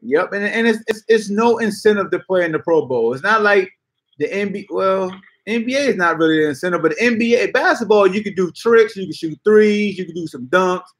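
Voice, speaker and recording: A man with a fairly high voice hosts a sports talk show. He rants bluntly and loosely in casual slang. His delivery is animated. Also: a little fast. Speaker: podcast host.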